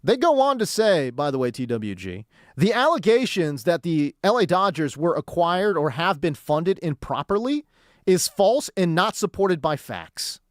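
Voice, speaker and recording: A sports talk radio host rants in a heated, exasperated way, hammering his points home through repetition. His voice is high, and the studio-quality recording has no room sound.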